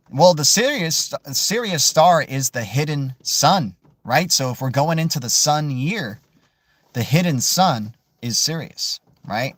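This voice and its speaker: A man hosting a casual crypto livestream, answering viewer questions in an animated, emphatic way and tossing in "dude" and "man". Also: mid-range voice, dry recording. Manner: animated, peppers speech with "right?", "dude" and "man"; emphatic, swears mildly for emphasis.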